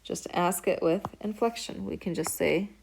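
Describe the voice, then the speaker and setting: A woman's voice: lowish voice, moderate pace, creaky, darkish tone, slight background noise. A woman teaching a recorded beginner Arabic lesson, explaining patiently step by step and saying each word aloud as an example. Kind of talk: recorded lecture.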